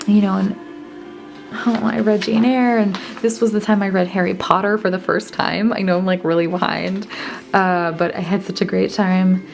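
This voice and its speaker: A woman's voice: medium pitch, fairly even intonation, normal speed, vocal fry, faint music behind. A young woman casually talking through her old journals, rambling and reading entries aloud between asides. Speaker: vlogger.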